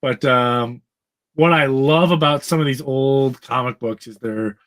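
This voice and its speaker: On a podcast, a male co-host with a medium-pitched, fairly bright voice takes his time recapping an old comic book. He rambles casually with plenty of fillers, laughs along the way, and acts out the characters' lines.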